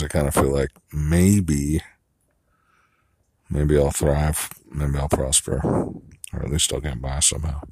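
A man with a very low voice talks to himself in a loose, rambling monologue. He muses and swears casually, full of fillers. The sound is dry and close, with no room around it. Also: darkish tone, no room sound. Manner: musing and profane, with frequent fillers.

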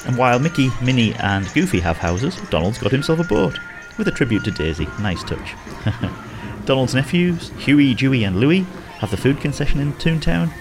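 A man's voice: medium pitch, sing-song, normal speed, music in the background. A man giving a casual, rambling walking-tour commentary outdoors in a theme park, chuckling often as he talks.

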